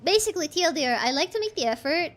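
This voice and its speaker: A high-pitched woman from the Philippines speaks with a Filipino accent. She is a game streamer who chats loosely with her audience. She rambles and circles back over her own words as she thinks things through. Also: animated, rapid-fire, soft background music. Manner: chatty, rambling, restarts phrases while thinking aloud. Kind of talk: casual game-stream chat.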